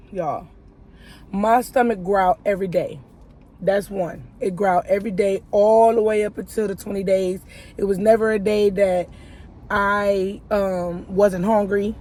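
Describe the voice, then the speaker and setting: A woman's voice: medium pitch, darkish tone. Woman chatting thru a vlog update, storytelling, keeps saying y'all to her viewers, regular mid voice. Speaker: YouTuber. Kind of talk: casual life-update chat.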